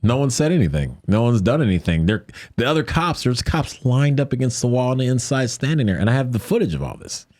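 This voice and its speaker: A man telling a story as a podcast guest in casual chat, lively and jokey, often acting out what people said. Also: fast talker, few pauses, no echo, clean studio sound. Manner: animated, acts out quoted lines in a higher voice; jokey, conversational with many fillers.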